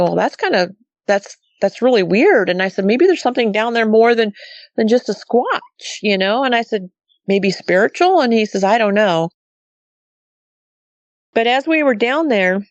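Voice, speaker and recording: A woman's voice: medium pitch, no echo. Woman guest from Montana, casual storyteller who quotes everyone, dry dull remote audio. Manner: chatty, quotes others with "he goes" and "I said". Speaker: guest telling a sighting story.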